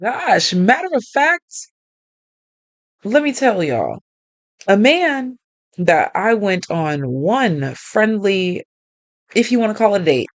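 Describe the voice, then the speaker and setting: A woman's voice: mid-range voice, sing-song, slow, no room sound. A woman chatting directly to her viewers, telling a story in a casual way. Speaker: vlogger.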